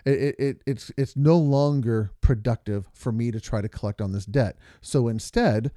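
With a warm, mid-range voice at normal speed, a man joins his wife as co-host of a casual podcast. The audio is dry and clean from a studio, and he speaks earnestly through lengthy examples and stories.

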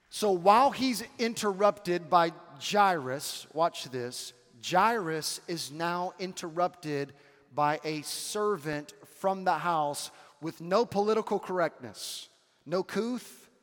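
High-voiced preacher in a big hall. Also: male voice. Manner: emphatic, calls out to the crowd for amens. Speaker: camp preacher. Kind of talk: sermon. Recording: long hall reverb.

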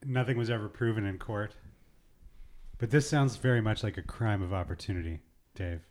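A man co-hosting a podcast speaks in a low voice. He chats casually, teasing and joking with his co-host. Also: moderate pace, darkish tone. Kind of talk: casual chat.

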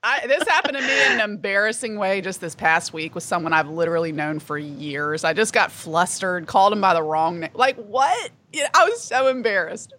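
A woman's voice: medium pitch, expressive, moderate pace, few pauses, bright, forceful tone, slight background noise. A woman with a Southern US accent co-hosting a podcast, talking in a reflective way and laughing easily. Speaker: podcast co-host. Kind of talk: casual podcast chat.

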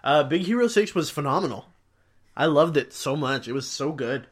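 Young man, podcast co-host, casual chat, laughs a lot, swears, slightly high voice. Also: lively intonation, moderate pace.

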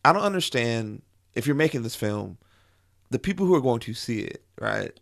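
A man co-hosting a podcast, chatting casually about a film in a quick, quizzical, teasing way. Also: medium pitch, lively intonation, vocal fry. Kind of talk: casual movie review chat.

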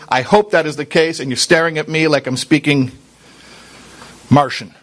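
Earnest rabbi with a slightly high voice. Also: male voice, normal speed, pauses often, fairly bright tone, slight background noise. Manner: earnest, talks straight to listeners with rhetorical questions; mixes in Hebrew and Yiddish religious terms. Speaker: rabbi giving a Torah class. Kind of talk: conversational sermon.

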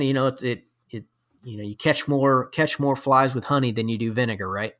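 A man's voice: medium pitch, moderate pace, fairly bright tone. A man who is a podcast guest, telling a long hunting story in a casual, rambling way with lots of fillers. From Florida.

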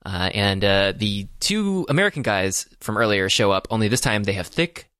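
A man on a podcast recaps a movie plot in a bright, sharp voice, pausing often on his fillers. The sound is dry and close, with no room around it. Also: lowish voice, lively intonation, dry recording. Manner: hesitant, many uh fillers. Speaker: podcast co-host. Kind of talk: casual podcast chat, recapping a film.

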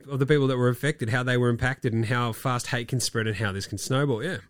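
A man's voice: medium pitch, fairly even intonation, fast, hardly any pauses, a bit bright, no room sound. A man hosting a casual sports podcast, ranting and swearing a lot while sick and coughing. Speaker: podcast host.

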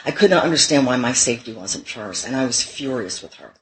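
A woman's voice: extremely low pitch, expressive, a little fast, rough recording. A middle-aged woman giving a personal testimony at a recovery meeting, candid and self-mocking, with frequent laughs.

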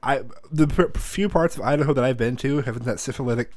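A man in his thirties telling a story in a casual chat, animated and profane, acting out the voices of the people in it. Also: mid-range voice, fairly quick, dry recording.

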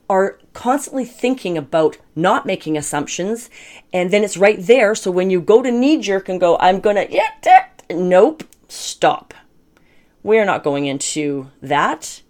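Chatty middle-aged woman, low-pitched. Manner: chatty and candid, laughing often, frequent restarts. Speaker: self-help vlogger. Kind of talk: casual motivational talk to camera.

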